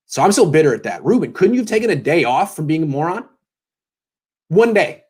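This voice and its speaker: Animated, sarcastic sports blogger man. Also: on the high side, a little fast, breathy edge. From California. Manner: sarcastic, animated storytelling with mock voices. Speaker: sports blogger and show host. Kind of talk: casual pregame commentary.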